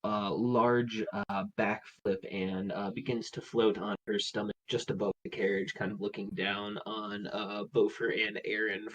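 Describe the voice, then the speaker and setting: A man's voice: lowish voice, flat delivery, unhurried, few pauses, fairly bright tone, poor audio. A man narrating as game master over an online call, hesitant with many fillers. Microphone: own mic on online call.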